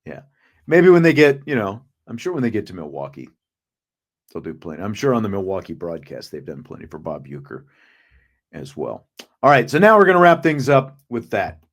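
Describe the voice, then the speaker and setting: A man hosting a podcast in casual sports chat, relaxed and reading out viewer comments. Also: on the low side, fairly quick. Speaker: podcast host.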